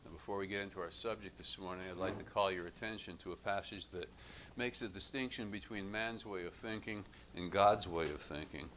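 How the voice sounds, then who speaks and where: A man with a low voice preaching a sermon, his tone bright and forceful. He speaks in a measured, emphatic way, leaning into each contrast he draws. Faint background ambience sits behind him. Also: slight background noise. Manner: measured, emphatic contrasts, rising louder on quotes.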